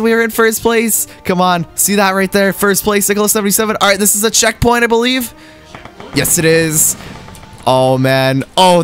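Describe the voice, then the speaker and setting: Excitable young man, high voice. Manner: excitable, yelps and laughs at mishaps. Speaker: gaming YouTuber. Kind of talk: excited gameplay commentary. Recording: faint game music underneath.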